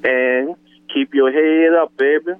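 A man with a New Orleans accent calling a radio show, affectionate and halting. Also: medium pitch, fairly even intonation, clear, resonant tone. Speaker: caller. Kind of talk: phone call to radio. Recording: dull phone line.

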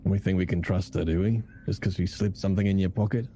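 A man's voice: low-pitched, steady tone, quick pace, warm tone, a little hiss or hum, close to an everyday voice. A man playing a dry, sardonic cocky man. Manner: dry, sarcastic. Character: cocky, sardonic male soldier impostor. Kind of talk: tabletop role-play voice acting.

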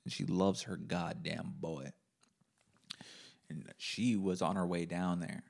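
A man hosting a solo podcast and rambling in a deadpan comic way, with plenty of swearing. His voice sits fairly low with a rough, gravelly fry running through it. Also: a little slow, pauses often. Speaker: podcast host. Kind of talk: casual solo monologue.

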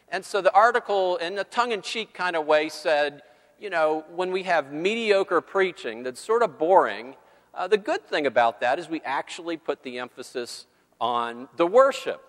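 A male campus minister giving a sermon with a measured, earnest delivery, reading scripture and praying. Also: fairly high pitch, a bit bright. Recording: long hall reverb.

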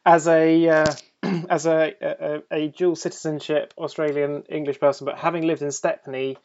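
A woman with a low voice hosts an interview, wry and a bit hesitant, filling her pauses with uhs. The sound is slightly dull and muffled. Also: flat delivery, darkish tone. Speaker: podcast host. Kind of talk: interview hosting.

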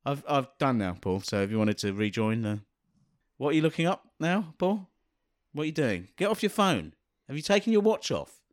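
A man's voice: mid-range voice, big pitch swings, normal speed. A man hosting a podcast, arguing in casual, pedantic banter with plenty of swearing. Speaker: podcast host.

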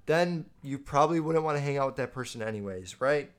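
A young man talking casually and bluntly into the camera, swearing a lot and getting animated as he reads out and answers viewer comments. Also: mid-range voice, brisk. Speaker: vlogger reading viewer comments. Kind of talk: casual unscripted monologue.

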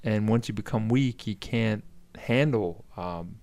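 A man's voice: fairly low pitch, a little slow, a little mellow. A man co-hosting a podcast, rambling through crude comic stories and laughing often. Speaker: podcast co-host. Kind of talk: casual comedic chat.

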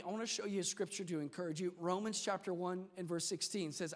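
A male pastor preaching a sermon in an energetic, humorous, conversational way. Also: high-pitched, fairly quick. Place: church sanctuary. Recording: reverberant church hall.

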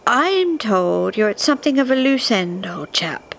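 A woman voicing Father Time, a kindly old man with a warm, friendly voice who speaks slowly, softly and a little conspiratorially. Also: medium pitch, big pitch swings, vocal fry, a little hiss or hum, full character voice. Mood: gentle. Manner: slow, soft and gently conspiratorial.

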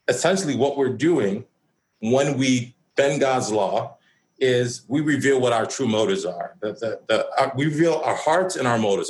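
A young man preaching a sermon in an animated, conversational, self-mocking way, full of asides to the congregation. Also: medium pitch. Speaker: pastor. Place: church hall. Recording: echoey room.

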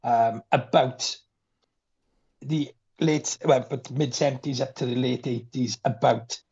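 A man's voice: mid-range voice, steady tone, takes it slowly, vocal fry, a little mellow, slightly rough. A man, a podcast guest chatting about a film and animatedly acting out its lines. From Wales. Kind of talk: casual film chat. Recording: dull lo-fi sound.

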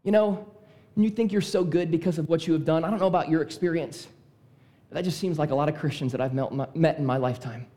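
A male preacher with a high-pitched voice delivers a sermon in an emphatic, repetitive style. He lowers his voice to stress key points before lifting it again. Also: fast, mellow.

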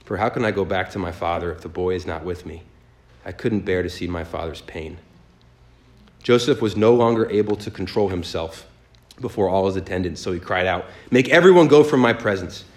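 A man leading a sermon as pastor, reading scripture aloud slowly and then preaching in a lively, joking way. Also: low voice.

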